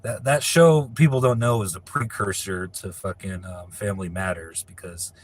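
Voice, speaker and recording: A man's voice: deep voice, normal speed, a little hiss or hum. A man from California chatting casually on a live stream, reading viewer questions aloud and answering in a rambling, profane way. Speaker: livestreamer answering viewer chat.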